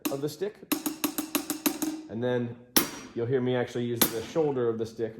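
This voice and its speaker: A man's voice: medium pitch, moderate pace, over loud music. A man giving a casual drum lesson, counting beats aloud as he explains. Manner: relaxed, counts beats aloud while playing. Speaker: drum teacher. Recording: roomy studio with loud drums.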